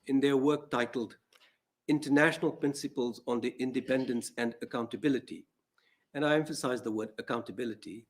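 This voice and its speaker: A man, a judge giving a measured, formal address in a courtroom. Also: medium pitch, darkish tone. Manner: measured, formal, reads from prepared remarks.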